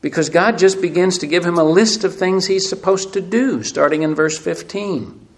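A man preaching a sermon, asking emphatic rhetorical questions and swinging between loud and hushed delivery. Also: sits high, normal speed. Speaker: pastor.

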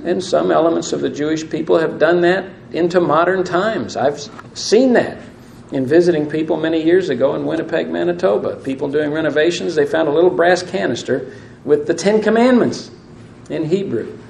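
Male preacher, fairly high gravelly voice, sermon delivery with questions to the congregation, echoey room with faint hiss. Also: brisk, a little mellow. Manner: asks the audience questions, reads scripture aloud. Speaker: pastor.

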